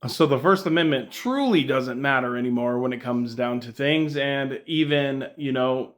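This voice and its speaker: A man's voice: mid-range voice, normal speed, fairly bright tone. A man giving earnest, emphatic video commentary and calling on viewers to comment. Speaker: social media commentator. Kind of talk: slow deliberate commentary.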